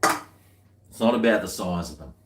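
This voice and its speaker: A slow-talking Australian man with a lowish voice, chatting casually as he tastes beer. His talk rambles, dry and full of half-muttered asides. The sound bounces around an echoey room. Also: noisy background. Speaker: beer-tasting vlogger. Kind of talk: casual chat while tasting beer.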